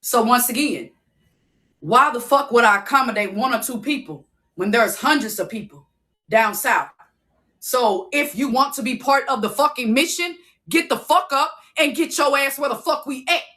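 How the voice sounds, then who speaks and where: Woman, high voice, sharp tone, profane livestream rant, fiery and insistent. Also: animated, normal speed. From Southern United States. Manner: fiery, profane, keeps asking "you hear me". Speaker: livestream host.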